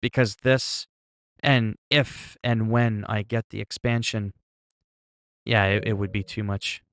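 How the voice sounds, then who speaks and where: A man's voice: fairly low pitch, steady tone, takes it slowly, clear, resonant tone, no room sound. Chatty male streamer, dry close sound. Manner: chatty, reacting to chat and exclaiming. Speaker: livestreamer. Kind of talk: casual livestream chat.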